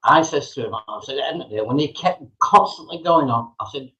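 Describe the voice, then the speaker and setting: A man's voice: medium pitch, lively intonation, quick pace, pushed and bright, highs cut off. A man arguing heatedly on a livestream, repeating himself and swearing. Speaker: livestream chat member. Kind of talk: heated argument.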